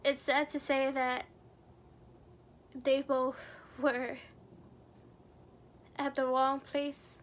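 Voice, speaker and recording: A woman's voice: high voice, flat delivery, extremely slow, long pauses. A young adult woman vlogger telling a personal story in an earnest, somber way, full of casual fillers. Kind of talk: storytime narration.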